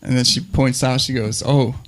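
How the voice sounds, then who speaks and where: A male comedian tells a story with a dry, deadpan delivery. His voice sits at an ordinary mid pitch and stays unhurried. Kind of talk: stand-up storytelling.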